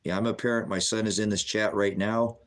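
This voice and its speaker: A man's voice: fairly low pitch, fairly even intonation, fairly quick. A middle-aged man preaching bluntly on a livestream, answering viewers' chat questions in a combative, sermonizing way.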